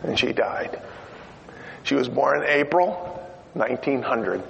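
Gravelly preacher man in a reverberant hall. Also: mid-range voice, expressive, unhurried, slight background noise. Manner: storytelling, swings from loud exhortation to quiet asides. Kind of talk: sermon. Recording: dull lo-fi sound in a reverberant hall.

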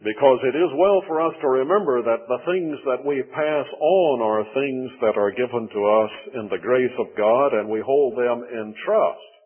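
A man with a Southern US accent preaching a sermon in a measured, deliberate teaching manner. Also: medium pitch, breathy edge. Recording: tinny lo-fi radio broadcast.

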